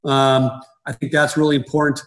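A man's voice: mid-range voice, flat delivery, normal speed, fairly bright tone, low-quality recording. A middle-aged man, a baseball coach, talking in an interview, rambling and restarting his sentences often. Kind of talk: conversational interview.

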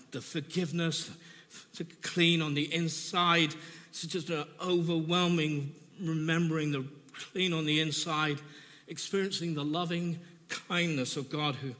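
A man preaching a sermon, telling his own testimony earnestly and emotionally, with halting repeats. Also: on the high side, bright, forceful tone, big-room sound.

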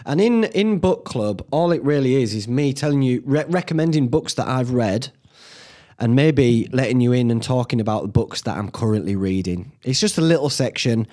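A man's voice: mid-range voice, expressive, normal speed, a little mellow. A young man, hosting a casual solo podcast from home, rambling and swearing freely. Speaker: podcast host. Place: indoors at home.

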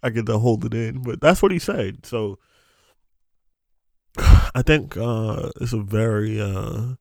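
A man's voice: on the low side, slow pace, creaky, darkish tone, no room sound, clean studio sound. A young man hosting a podcast, telling a story in a casual, profane, ranting way with frequent laughs. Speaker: podcast host.

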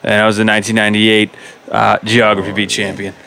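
A man's voice: on the low side, monotone, fast, gravelly, crowd noise. A man, a podcast host in casual banter, joking and teasing with profanity.

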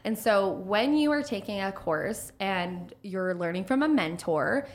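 A woman in casual podcast chat, animated and swearing freely, acting out little quotes as she talks. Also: medium pitch, unhurried.

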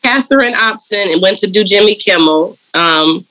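A woman, a dog groomer and colorist, telling her story in a casual interview and slipping into lively voices when she quotes people. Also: medium pitch, a little slow, low-quality recording. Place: lives and works in Atlanta.

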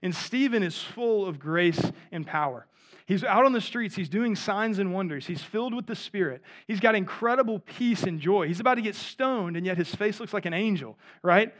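Guy in his 30s preaching, pretty high voice, casual back-and-forth with the congregation. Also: lively intonation, moderate pace, a bit bright. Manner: conversational, asks the audience "right?". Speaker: pastor. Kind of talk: sermon.

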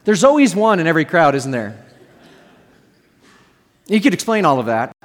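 Male pastor, higher-pitched voice, storytelling sermon with jokes to the crowd, long hall reverb. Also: big pitch swings, normal speed. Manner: storytelling with humorous asides to the audience.

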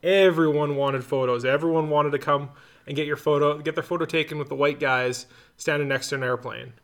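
A man's voice: on the high side, fairly even intonation, a little fast, fairly bright tone. A man in casual conversation, chiming in to confirm details and add his own memories of an air race event. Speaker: fellow pilot adding to the story.

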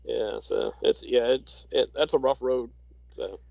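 An easygoing man chatting casually as a podcast co-host, with halting speech and dry sarcasm. His voice sits at a middle pitch. The recording is dry and somewhat dull. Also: big pitch swings, vocal fry, a little mellow, dry recording. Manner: easygoing, many fillers and restarts, dry sarcasm. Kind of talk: casual chat.

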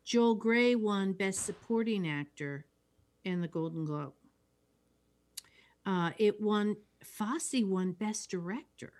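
A woman co-hosting a casual film chat, agreeable and unhurried, often trailing off mid-thought. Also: medium pitch, darkish tone. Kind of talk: casual chat about films.

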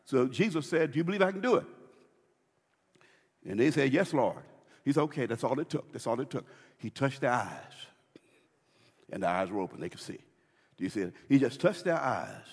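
A man preaching a sermon as pastor, swinging between loud and hushed with dramatic pauses. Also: fairly high pitch, expressive, breathy edge, in a large hall.

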